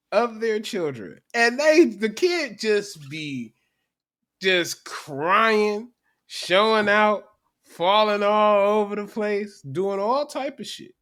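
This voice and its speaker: A man hosting a casual podcast chat, animated and profane, laughing often. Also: sits high. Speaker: podcast host.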